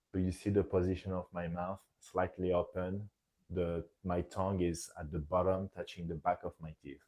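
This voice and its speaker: A man's voice: low voice, mellow. A man with a French accent teaching French nasal vowels, demonstrating each sound carefully. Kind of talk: scripted pronunciation lesson.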